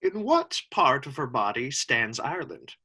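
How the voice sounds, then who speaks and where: Guy doing a nosy gentleman, bright lively voice, video call reading. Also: medium pitch, a little slow, breathy edge, exaggerated voice. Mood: questioning. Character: Antipholus, curious questioning male gentleman. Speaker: actor. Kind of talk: live online Shakespeare reading.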